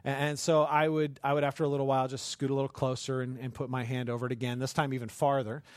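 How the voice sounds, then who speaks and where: A male pastor delivers a conversational sermon built on stories, frequently checking in with listeners through tag questions and doing the voices of his characters. His mid-range voice is flat and quick, recorded dry.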